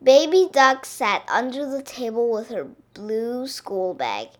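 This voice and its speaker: A woman reading a children's picture book aloud in an expressive, drawn-out way. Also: on the high side.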